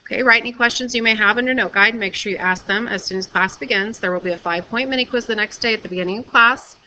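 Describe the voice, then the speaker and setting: A woman teacher giving a recorded video lesson, explaining patiently and clearly and often checking with "okay?". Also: fairly high pitch, fast talker, sharp tone, a little hiss or hum, poor audio.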